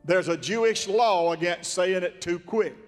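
Man, sermon, folksy and emphatic, long church echo, soft music. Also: high-pitched. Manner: folksy, drawn-out emphatic preaching with acted-out amens. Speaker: preacher. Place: church sanctuary.

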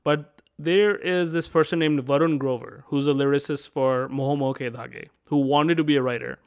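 A man's voice: on the high side, steady tone, normal speed, clear, resonant tone. A man co-hosting a casual film review chat, asking questions and reading out review quotes. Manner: inquisitive, poses questions and reads review quotes. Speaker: podcast co-host.

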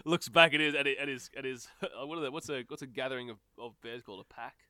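A man's voice: medium pitch, quick pace, pushed and bright, dry recording, studio quality. A man guesting on a podcast, joking casually in slangy chat. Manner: jokey, laughs often, slangy.

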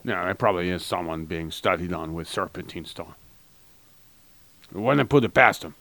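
A man's voice: deep voice, moderate pace, a bit bright. A man co-hosting a crude comedy podcast, rambling and joking, sometimes slipping into a mock advertiser voice. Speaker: podcast co-host.

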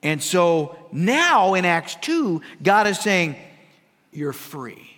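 Man, pastor, lively sermon delivery, slightly high voice, long hall reverb. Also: slow. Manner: animated preaching, swinging from hushed to loud, with quoted asides and humor.

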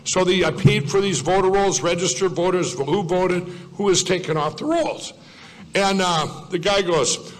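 A man with a somewhat high voice gives a loose, digressive speech to a crowd, circling back and fixing his own words as he goes. His talk is folksy and off the cuff. It carries a long reverb from a large hall. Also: moderate pace. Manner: digressive, self-correcting, folksy. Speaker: speaker at a political event. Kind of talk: rambling public speech.

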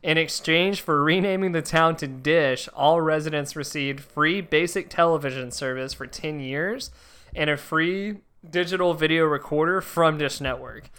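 A man co-hosting a podcast in casual banter, joking around and slipping into loud put-on rural voices. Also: fairly high pitch, normal speed, clear, resonant tone. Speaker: podcast co-host.

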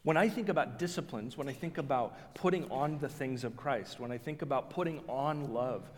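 A man preaching a sermon as pastor, telling stories in a lively way and acting out the voices of the people he quotes. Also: medium pitch, normal speed, long reverb tail. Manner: animated storyteller, acts out quoted voices, self-restarting.

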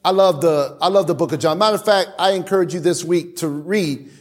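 A man preaching a sermon in an animated way, sometimes acting out the voices of worshippers. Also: fairly high pitch, a little fast. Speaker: pastor.

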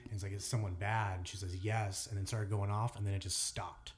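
A man's voice: on the low side, flat delivery, a little fast. A man co-hosting a podcast, telling a story in casual chat with many fillers and restarts. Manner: rambling storyteller, lots of fillers. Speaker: podcast co-host.

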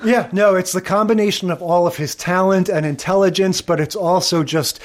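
A man with a notably high voice, co-hosting a casual podcast. He talks with enthusiasm and rambles. Now and then he acts out a line for effect. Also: fairly even intonation, normal speed. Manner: chatty, enthusiastic, acts out lines from shows. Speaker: podcast co-host. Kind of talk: casual chat.

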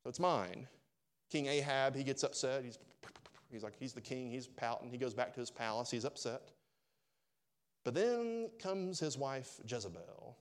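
A man's voice: medium pitch, expressive, normal speed. Joking man preaching with rhetorical questions. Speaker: pastor. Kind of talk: sermon.

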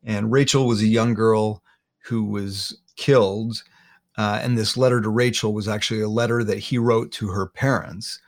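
A man, a guest in an interview, retelling a painful personal story haltingly, often repeating words. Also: fairly low pitch, fairly even intonation.

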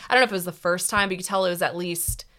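Bright, chatty young woman podcaster. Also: on the low side, racing. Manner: chatty, lots of fillers, animated retelling. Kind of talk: casual chat about reality TV.

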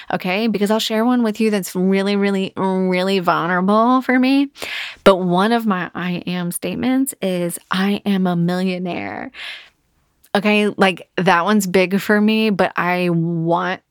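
A woman's voice: lowish voice, no room sound, studio quality. A woman in her thirties hosting her own podcast, talking off the cuff in a candid, casual way and swearing often. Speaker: podcast host. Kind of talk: casual solo podcast monologue.

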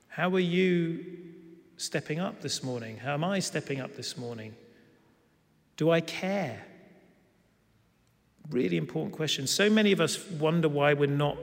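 A man preaching a sermon, telling a story and acting out the quoted lines with lively emphasis. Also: fairly high pitch, normal speed, long pauses. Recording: long hall reverb.

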